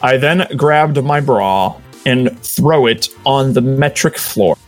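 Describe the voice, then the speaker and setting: A man's voice: medium pitch, takes it slowly, soft background music. A man giving a comedic dramatic reading of a bad fanfic, often laughing. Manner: laughing, breaking into shouts while reading. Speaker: fanfic reader.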